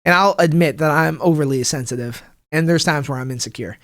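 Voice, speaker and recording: Young guy comic ranting on his podcast, kinda high voice, tons of "like", dry close mic. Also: fairly quick, a bit bright, dry recording. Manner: rambling, full of restarts and "like", swearing; acts out people's quotes in a higher voice. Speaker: podcast host; stand-up comic. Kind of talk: casual solo podcast rant. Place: home room, livestreaming.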